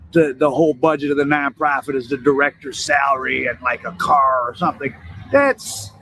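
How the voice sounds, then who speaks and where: Man talking through stories, slightly high voice. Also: pushed and bright, slight background noise, rough recording. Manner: conversational, retelling stories with asides. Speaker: commentator. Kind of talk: commentary, casual talk.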